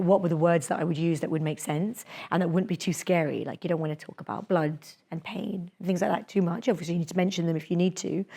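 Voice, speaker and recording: Leading a live workshop on public speaking in a lecture room, this young adult woman has a voice on the low side. She talks in a chatty, lively manner and often breaks into laughter.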